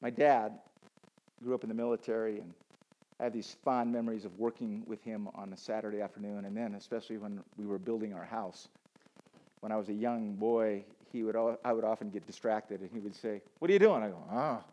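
A man giving a conversational, animated sermon to a college audience, using casual asides and self-deprecating humor. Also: fairly low pitch, fairly quick. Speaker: campus chapel speaker. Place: college auditorium with a live audience.

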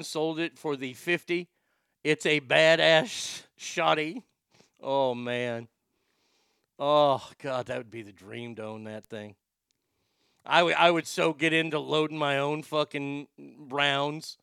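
A man giving crude, excitable casual commentary as he reacts to videos. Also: on the high side, takes it slowly, creaky, clear, resonant tone, dry recording, studio quality.

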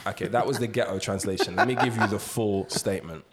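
Guy hosting a chat podcast, fairly low voice, swears a lot, jokey. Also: fast, crowd noise. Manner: profane, joking, mock-reads quotes. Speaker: podcast host. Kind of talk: casual chat.

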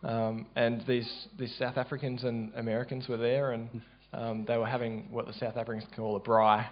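An Australian man recounts a church testimony in a loose, halting way, restarting often and filling pauses. His voice sits at an ordinary middle pitch, and the recording sounds dull and low-fidelity. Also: level tone. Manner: casual, halting, many fillers and restarts. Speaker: church member sharing a testimony.

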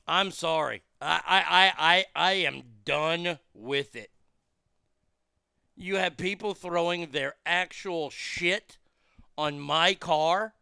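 A man rants through a crude, furious commentary from his car. His voice is high and gravelly yet bright and clean. It sounds very dry and close. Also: slow, dry recording. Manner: angry, crude, blunt, heated. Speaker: streamer reacting to a news clip. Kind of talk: profane ranting commentary.

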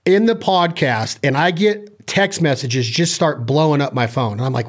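A man telling a wild story in casual chat, animated and swearing casually. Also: medium pitch, normal speed, few pauses.

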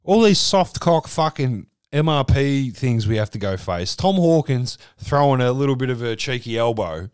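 A man's voice: mid-range voice, big pitch swings, normal speed, few pauses, darkish tone, clean tone, no echo. Blunt Australian man in a dry room. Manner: blunt, opinionated, sweary. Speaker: podcast co-host. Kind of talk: casual sports chat.

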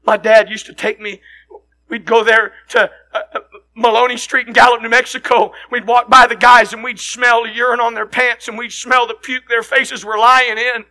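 A middle-aged man preaching a sermon, telling stories with passion and often shouting. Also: very high voice, level tone, moderate pace. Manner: impassioned storytelling, frequently shouting.

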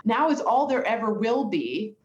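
A woman's voice: fairly high pitch, big pitch swings, normal speed, highs cut off. Enthusiastic woman on a roomy video call. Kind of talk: casual conversation.

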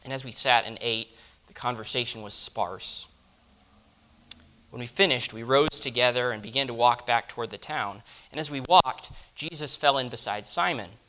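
A man delivering a first-person dramatic monologue, reflective and often dropping to a hush. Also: mid-range voice, normal speed. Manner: reflective, dropping to hushed tones. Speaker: storyteller.

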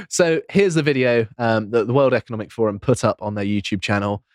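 A man's voice: mid-range voice, lively intonation, no echo, clean studio sound. A man co-hosting a political podcast, casually explaining and reading out quotes with frequent ums. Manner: reads quotes aloud, measured, frequent ums. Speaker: podcast co-host.

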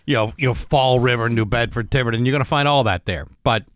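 A man co-hosting a radio show, giving measured, opinionated commentary. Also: medium pitch, dry recording, poor audio. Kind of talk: radio banter and scripted opinion segment.

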